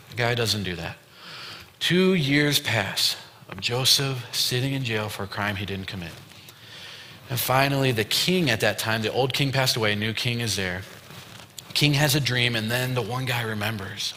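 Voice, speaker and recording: A man's voice: mid-range voice, normal speed, sharp tone. A young man giving a casual youth sermon, retelling a story with loose quoted dialogue and lots of fillers. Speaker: youth pastor. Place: church youth room. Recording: long hall reverb.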